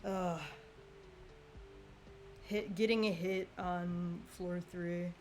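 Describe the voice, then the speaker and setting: Young woman streamer chatting thru a game, slow easy talk, laughs a lot, faint music behind. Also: on the low side, steady tone. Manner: chatty, laughs often, reacts loudly to the game. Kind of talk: casual gameplay commentary.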